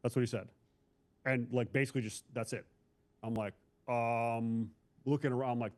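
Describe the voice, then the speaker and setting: Candid former cop from Ohio. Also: male voice, mid-range voice, measured pace, a little mellow. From Northeast Ohio, US. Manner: candid, blunt, calls the host bro. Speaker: former police officer, guest. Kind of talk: casual interview storytelling.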